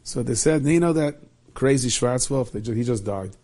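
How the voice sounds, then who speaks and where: Dark-voiced man telling a story. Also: mid-range voice, normal speed. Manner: animated storyteller, Yiddish and Hebrew words. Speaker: rabbi and storyteller. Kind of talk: storytelling talk.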